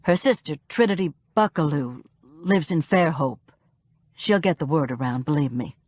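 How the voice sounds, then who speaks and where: A woman's voice: low-pitched, moderate pace, a little mellow, dry recording, clean studio sound. A woman doing a chatty older sister. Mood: matter-of-fact. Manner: matter-of-fact, chatty.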